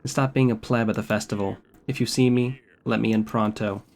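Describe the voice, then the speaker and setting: A man's voice: fairly low pitch, fairly even intonation, brisk, a little mellow, natural voice. A man voicing a crude, threatening male drug-dealing villain from a game. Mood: menacing.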